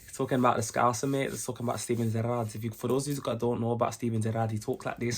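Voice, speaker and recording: A young British man hosting a reaction video, talking in an excitable, chatty way with lots of restarts. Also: medium pitch, rapid-fire, few pauses. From United Kingdom. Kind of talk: casual reaction commentary. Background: faint music from the video he is reacting to.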